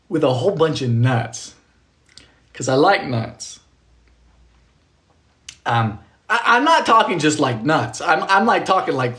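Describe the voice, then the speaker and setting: Guy doing a kitchen livestream, super animated voice jumping up and down, chatty and jokey, reading out comments. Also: sits high. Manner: chatty, reads viewer comments aloud, jokey asides. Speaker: home baker livestreaming. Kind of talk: casual live-stream chat. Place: home kitchen.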